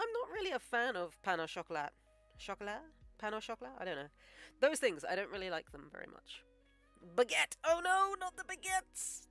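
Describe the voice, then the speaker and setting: A woman animator chatting casually on a live stream while she draws, joking and thinking out loud. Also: fairly low pitch, gravelly. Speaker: animator streaming her work.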